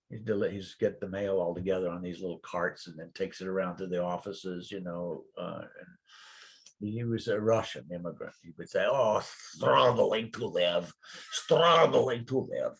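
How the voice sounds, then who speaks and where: A man's voice: lowish voice, creaky, slightly rough. An older man, a guest minister, telling rambling stories in a casual spiritual chat. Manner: rambling, animated storytelling with put-on quoted voices.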